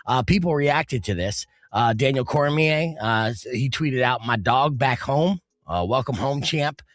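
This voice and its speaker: Lively-voiced man hosting radio talk. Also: medium pitch, unhurried, dry recording. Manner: relaxed, chatty, many uh fillers. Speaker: radio show host. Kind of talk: casual radio talk show chat. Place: radio studio. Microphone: studio mic.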